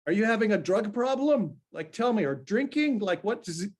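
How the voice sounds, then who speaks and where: A woman's voice: mid-range voice, animated, darkish tone, pitched above the performer's own voice, natural voice. A man putting on the voice of his worried Greek mother, firing off anxious questions. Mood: alarmed. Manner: anxious rapid-fire questioning. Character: worried middle-aged Greek mother, fretful.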